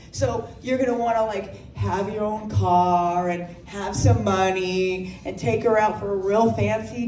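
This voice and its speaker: Woman comic on stage, kinda high voice, swears a lot, sounds roomy and far off. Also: dark tone, a little hiss or hum. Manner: brash, profane, storytelling with laughs. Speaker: stand-up comedian. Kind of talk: stand-up comedy set. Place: comedy club stage. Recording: roomy sound from a distant mic.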